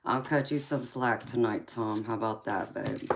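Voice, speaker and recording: A woman hosting a tarot livestream, chatting softly with viewers and calling them sweetheart and honey. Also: rumbling low, fairly even intonation, normal speed, background noise. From mixed Japanese, Polynesian, English, Irish and Scandinavian heritage. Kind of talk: casual livestream chat reading out viewer comments.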